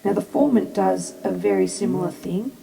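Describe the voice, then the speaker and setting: Mellow, gravelly woman explaining gear. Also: medium pitch, moderate pace, low-quality recording. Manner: plain step-by-step explaining with "um" fillers. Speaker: music gear demonstrator. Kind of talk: hands-on product tutorial.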